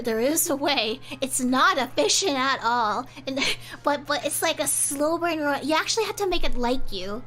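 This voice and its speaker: A young woman streaming and chatting casually, rambling and animated, with frequent laughter. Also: high voice. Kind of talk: casual chat.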